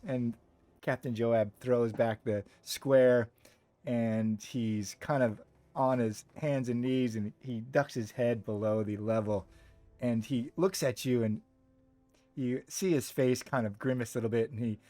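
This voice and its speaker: A man running a tabletop game over a video call, narrating the scene in a loose, descriptive way. His voice sits at an ordinary middle pitch, with faint music underneath. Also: fairly even intonation, measured pace, warm tone, no room sound. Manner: descriptive, meandering, many fillers. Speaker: game master.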